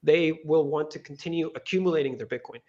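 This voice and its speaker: A man, his voice sitting a little high, tells a story in a lively interview. He talks casually and restarts his sentences often, slipping into quoted dialogue. The audio sounds dull and lo-fi. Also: fast. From Venezuela. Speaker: guest, crypto lending co-founder.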